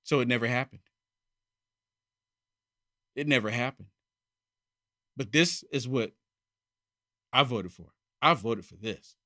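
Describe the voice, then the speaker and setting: A man hosting his own political commentary monologue, emphatic and repeating his points, swinging from loud outbursts to muttered asides. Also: medium pitch, slow, pauses often. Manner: emphatic, repeats phrases for effect. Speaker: channel host.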